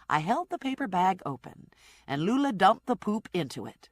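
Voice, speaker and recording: Lively woman narrating a comic audiobook. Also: on the low side, normal speed, dry recording, studio quality.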